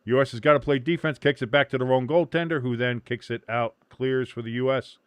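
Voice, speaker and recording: A man's voice: medium pitch, brisk, smooth, no room sound. A man hosting a watch-along stream, calling a soccer match live with loose, joking, profane chatter. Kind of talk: casual live game commentary.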